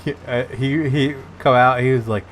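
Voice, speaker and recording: A man's voice: medium pitch, steady tone, moderate pace, slight background noise. A man chatting casually during a gaming stream, telling loose stories and laughing along with his friend. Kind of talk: casual chat while gaming.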